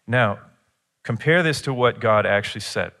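A middle-aged man preaching a sermon in an earnest teaching tone, rising higher and louder when he presses a point. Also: expressive, moderate pace.

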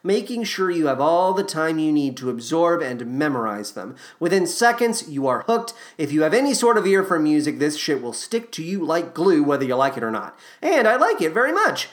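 Sardonic man with a lively voice. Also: fairly high pitch, moderate pace, hardly any pauses. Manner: sardonic and profane, enthusiastic. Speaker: podcast host reviewing a musical. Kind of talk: comedic music review monologue.

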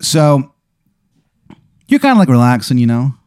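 A man's voice: medium pitch, very animated, a little slow, darkish tone, clear, resonant tone, dry recording, clean studio sound. A man narrating an improvised role-play as game master, chatty and often laughing.

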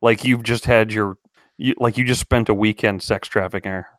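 Podcast host guy, lowish voice, keeps cracking up, dry close sound. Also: steady tone, no echo. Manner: laughing, mock-serious, halting restarts. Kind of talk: casual comedic chat.

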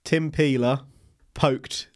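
A man narrates a tale on a podcast at an unhurried, deliberate pace. His voice sits in an ordinary middle register, and he breaks off often into laughter and wisecracks. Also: mid-range voice, fairly even intonation. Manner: slow, laughing, jokey storyteller. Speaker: podcast host. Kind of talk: storytelling podcast chat.

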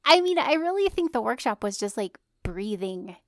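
A woman co-hosting a podcast in casual chat, telling stories with laughter and animated asides. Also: fairly high pitch, moderate pace, dry recording, studio quality. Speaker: podcast co-host.

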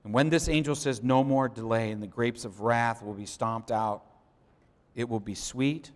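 Impassioned preacher in a reverberant hall. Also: male voice, medium pitch, moderate pace. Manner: swings from soft storytelling to loud impassioned preaching. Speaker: pastor. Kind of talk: sermon.

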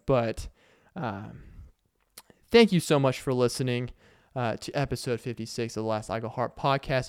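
A man's voice: mid-range voice, a little mellow, clear, resonant tone, no echo, clean studio sound. A young man with a Southern accent hosting a solo podcast, earnest and rambling, with many ums and uhs. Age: young adult. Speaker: podcast host and stand-up comedian. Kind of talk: casual solo podcast talk. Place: corner of a warm room.

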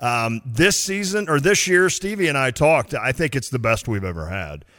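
A man's voice: mid-range voice, moderate pace, big-room sound. A man co-hosting a sports radio show, chatting casually and playfully. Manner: animated, playful, mimics people in quotes.

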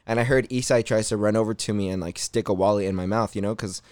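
A man's voice: lowish voice, fairly even intonation, fast talker, a crowd in the background. A young man telling a story in a slangy, swearing casual chat as a podcast host.

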